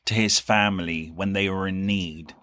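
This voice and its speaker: Chatty man, lowish voice. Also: fairly even intonation, moderate pace, pushed and bright. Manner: chatty, laughs often. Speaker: podcast co-host. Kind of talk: casual chat.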